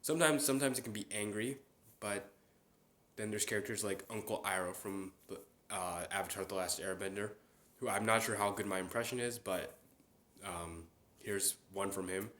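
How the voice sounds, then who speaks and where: A man's voice: on the low side, fairly quick, fairly bright tone. A young man hosting a casual solo chat. He rambles, with many fillers and restarts. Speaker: podcast host. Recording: roomy echo.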